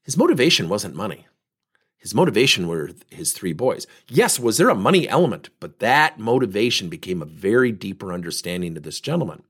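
In his fifties, a podcast host and sales coach tells coaching stories conversationally, animatedly acting out both sides of each dialogue. His voice is on the low side, a little fast, and slightly rough.

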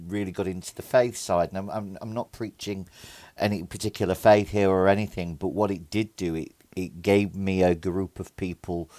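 A man on a podcast panel, speaking gently and hesitantly, restarting his sentences. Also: deep voice, fairly even intonation, moderate pace, few pauses, no echo. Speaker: panel guest. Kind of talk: casual panel chat.

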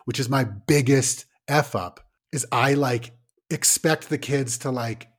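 A man's voice: mid-range voice, unhurried. A man co-hosting a casual parenting podcast, talking loosely and swearing, often acting out what a parent and a kid would say. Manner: animated, swearing, acts out parent and kid lines. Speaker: podcast co-host.

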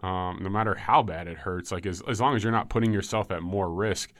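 A man in his thirties, a former football player, telling injury stories in a relaxed way with many ums. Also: sits low, a little fast, no echo, studio quality. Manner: relaxed storytelling with frequent ums and likes. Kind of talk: casual podcast chat.

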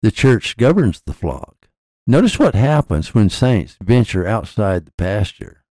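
A man narrating a scripted religious teaching podcast in measured, declarative statements. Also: fairly low pitch, big pitch swings, dark tone, no echo, studio quality.

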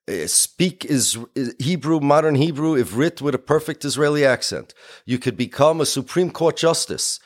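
Emphatic man lecturing. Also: medium pitch. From United States. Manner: emphatic and explanatory, with many Yiddish and Hebrew words. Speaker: speaker.

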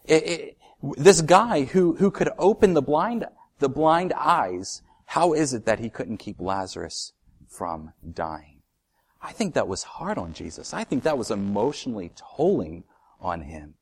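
A man preaching a sermon, his delivery swinging between loud emphatic lines and quiet hushed ones. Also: medium pitch, big pitch swings, measured pace, breathy edge. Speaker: pastor.

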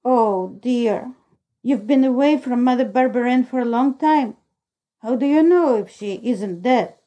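Woman reading a tearful young boy, fretful, gloomy, mellow-voiced, storybook. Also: on the high side, a little slow, natural voice, rough recording. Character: miserable anxious young boy. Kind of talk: audiobook character reading.

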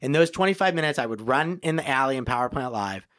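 A man's voice: mid-range voice, quick pace, dry recording. A man, a comedian guest, telling stories in a casual interview and acting out the people in them. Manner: animated storyteller who acts out voices.

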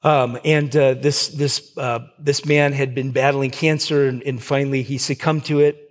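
A male pastor giving a sermon in a conversational way, full of fillers and restarts, acting out quoted lines with big swings in pitch. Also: flat delivery, normal speed. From Southern California.

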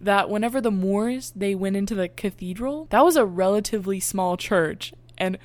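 A woman in a casual film chat, excitable and laughing often as she retells scenes. Her voice sits at a middling pitch, and the sound is dry and close. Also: moderate pace, no room sound. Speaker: movie reviewer.

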